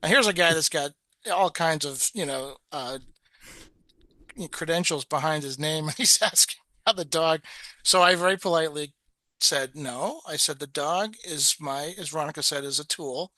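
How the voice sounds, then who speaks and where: A man's voice: on the high side, moderate pace, sharp tone, dry recording. A man presenting in a webinar, telling a story in a chatty way with many restarts and quoted voices.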